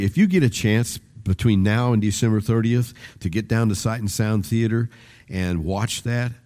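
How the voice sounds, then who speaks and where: Older male pastor, warm low-bright tone, chatty sermon delivery with shifting emphasis. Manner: rambling, conversational, with restarts and varied emphasis.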